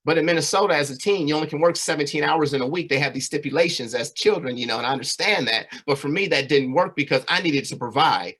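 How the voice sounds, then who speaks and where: A man's voice: a little high, fast talker, hardly any pauses, a bit bright, slightly rough. Earnest man telling his life story. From California. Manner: earnest, conversational, frequent "right?" and "you know". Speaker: community speaker. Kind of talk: personal storytelling presentation.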